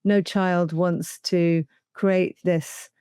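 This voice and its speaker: A woman's voice: fairly low pitch, little pitch movement, extremely slow, warm tone, clear, resonant tone, no room sound, clean studio sound. A woman hosting an interview, asking thoughtful questions and summing up what her guest says. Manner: thoughtful, asks and sums up. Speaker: interview host. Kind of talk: conversational interview.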